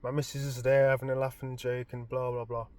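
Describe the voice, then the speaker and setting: A man, casually retelling a story in an animated, expressive way. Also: mid-range voice, a little fast, no room sound. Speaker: vlogger.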